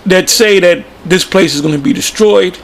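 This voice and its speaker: A man's voice: high-pitched, moderate pace. A man giving informal religious commentary, plain-spoken and emphatic, often repeating himself. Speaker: preacher.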